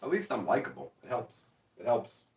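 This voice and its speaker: A man in his forties chatting casually on a livestream, answering chat in a profane, excitable, self-mocking way. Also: mid-range voice, moderate pace, creaky, reverberant, recorded from a distance. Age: 40s.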